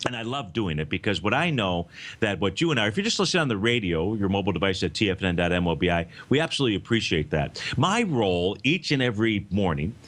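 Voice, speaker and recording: A man's voice: fairly low pitch, big pitch swings, quick pace, a bit bright. A man hosting a live financial talk show, speaking to listeners in a folksy, emphatic way.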